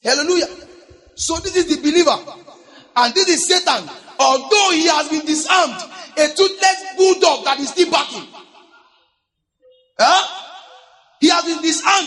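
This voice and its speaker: High-voiced preacher shouting. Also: male voice, expressive, moderate pace. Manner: shouting, call-and-response with congregation. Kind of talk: sermon. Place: church hall. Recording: long church reverb, faint music.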